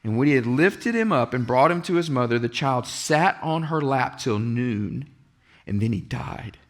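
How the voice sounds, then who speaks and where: A man's voice: mid-range voice, expressive, moderate pace. A man preaching to his congregation in a church sanctuary. He reads scripture aloud and slips into the voices of the people in the story. His delivery is earnest throughout. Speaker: pastor. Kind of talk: sermon.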